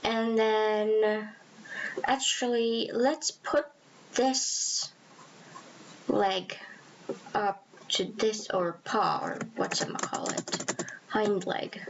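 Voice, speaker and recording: A woman chats her way through a sketch in a slow, meandering drawing tutorial, rambling and poking fun at herself. Her pitch sits in a middle range for a woman. The recording is a little muffled and lo-fi, with faint background noise. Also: fairly even intonation. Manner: rambling, chatty, self-deprecating. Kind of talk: casual drawing commentary. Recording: slightly dull lo-fi recording.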